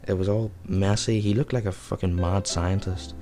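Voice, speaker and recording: A man's voice: low voice, fairly even intonation, moderate pace, mellow, soft background music. A young man hosting a podcast, telling a rambling, profane anecdote in a casual way. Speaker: podcast host. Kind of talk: casual storytelling.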